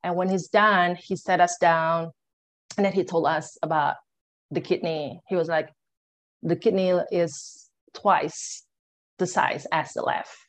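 A young woman speaks as an interview guest, her voice sitting a little lower than most. She tells her own story with energy, acting out the lines she and others said, and her phrasing runs loose with casual fillers. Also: unhurried. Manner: animated, acts out her own and others' words in quotes; loose phrasing with many "like" and "you know" fillers. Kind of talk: personal storytelling in conversation.

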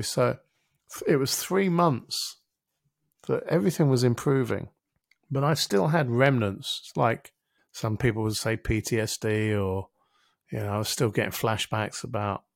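Middle-aged male podcast guest, gravelly and dry-miked, a lively storyteller who swears casually. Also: on the low side, no echo. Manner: vivid storyteller who acts out his own inner voice, casual swearing. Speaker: interview guest, helps people with their thinking. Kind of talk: reflective storytelling in a podcast conversation.

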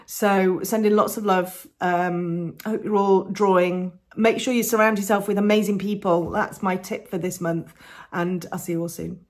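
A woman's voice: mid-range voice, fairly even intonation, normal speed, darkish tone. A woman with an English accent hosting a podcast, chatting in a rambling way with restarts and laughs. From England. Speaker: podcast host and coloured pencil artist. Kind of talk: casual chat.

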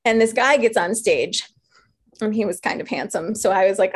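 A woman from New York recounts her life in a loose, chatty way. Her voice sits a little high, and she slips into quoted voices for herself and others, laughing as she goes. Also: normal speed, slightly rough. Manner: laughs often while talking. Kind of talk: casual storytelling.

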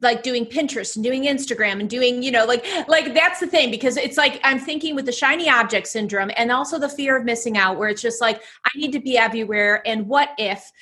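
Bright-voiced woman podcast host. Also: a little high, a little fast, hardly any pauses. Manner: affirming, thoughtful questions. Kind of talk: casual interview talk.

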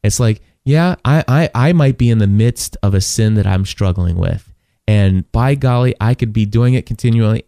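A man speaks in a casual faith conversation, his voice low and warm. He stumbles and repeats words and now and then voices the people in his story. The sound is dry and close. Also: moderate pace, vocal fry, no room sound.

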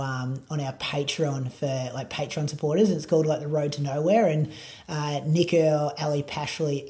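A man's voice: fairly high pitch, darkish tone. A man with an Australian accent, a running podcast producer and coach, chatting casually in an interview with lots of fillers. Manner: laid-back, rambling, lots of fillers.

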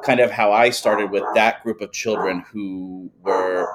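A man's voice: fairly low pitch, steady tone, measured pace, background noise. A man hosting a podcast from home. He is a former teacher and chats enthusiastically, agreeing often. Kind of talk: casual conversation. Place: at home with dogs nearby.

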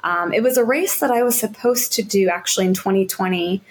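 A woman guest on a podcast, a marathon runner and yoga instructor, chatting in a relaxed, upbeat way with many fillers. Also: medium pitch, brisk, a little hiss or hum. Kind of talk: casual interview chat.

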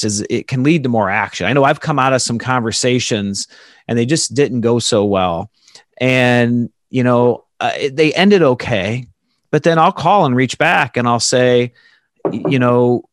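A man's voice: medium pitch, moderate pace, dry recording, studio quality. A man hosting a podcast interview, talking in a conversational, reflective way with frequent restarts. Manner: conversational, warmly reflective, repeats words. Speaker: podcast host.

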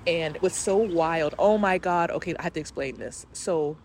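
A woman's voice: fairly low pitch, moderate pace, darkish tone, a little hiss or hum. A woman hosting a casual spiritual podcast, talking candidly and expressively with frequent swearing and reading aloud from her journal. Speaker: podcast host.

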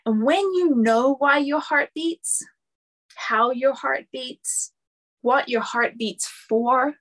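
A woman's voice: sits high, takes it slowly, a bit bright. A woman spiritual teacher giving a lecture, speaking earnestly and building her points through repeated phrases.

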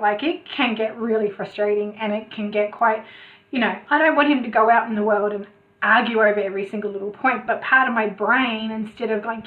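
Guest, woman, chatty with lots of restarts, slightly high, on a tinny remote call. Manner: chatty, many restarts, animated asides. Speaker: podcast guest, coach. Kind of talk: casual interview chat.

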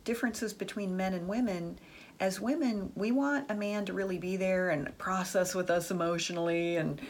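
A woman with a husky, breathy voice at a middling pitch talks straight to the listener about dating. She is chatty and frank, leaning on "like" and "the truth is" as she tells stories about her friends. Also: normal speed. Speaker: dating and relationship advice speaker. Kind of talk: casual advice monologue with stories.

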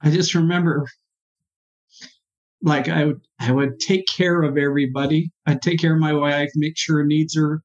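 A man, a therapist, telling his personal story as an interview guest in an earnest, halting, emotional way. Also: fairly high pitch, fairly even intonation. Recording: dull lo-fi sound.

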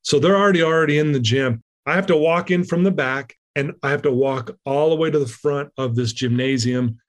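A man telling a personal story in a conversation, lively and acting out the lines of people he quotes. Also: a little high, a little fast. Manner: animated, acts out quoted lines. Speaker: guest speaker.

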